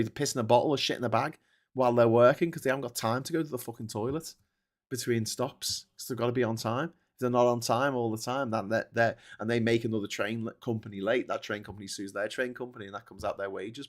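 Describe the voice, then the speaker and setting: A man hosting a casual livestream, ranting indignantly and swearing constantly. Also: mid-range voice. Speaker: host. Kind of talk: casual livestream commentary, reading viewer comments.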